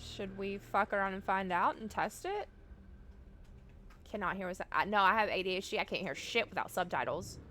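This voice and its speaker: A woman's voice: medium pitch, lively intonation, moderate pace, fairly bright tone. A woman live streaming from home, chatting casually and swearing freely as she talks straight to her viewers while setting up a game.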